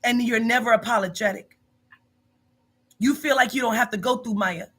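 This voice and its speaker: A woman's voice: on the high side, normal speed, a bit bright, breathy edge. A woman who runs a psychic reading business, confronting a staff member in a profane, emphatic monologue full of repetition.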